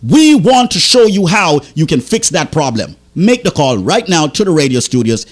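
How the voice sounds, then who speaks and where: A man's voice: a little high, very animated, normal speed. Agitated, pleading male radio host. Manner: agitated, pleading, tripping over words. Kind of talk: impassioned radio sales talk. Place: radio studio.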